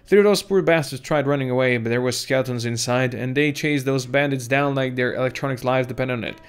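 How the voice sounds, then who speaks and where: A man's voice: mid-range voice, fast talker, clear, resonant tone, natural voice. A man voicing a drunk, burly old retired tech hunter who rambles on in a folksy, boozy way while telling stories. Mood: storytelling.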